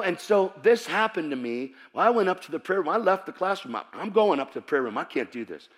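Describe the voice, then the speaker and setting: A man preaching a sermon to a church audience, telling his own story and breaking into shouts. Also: sits high, a little fast. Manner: animated storytelling that bursts into shouting. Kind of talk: sermon with personal testimony.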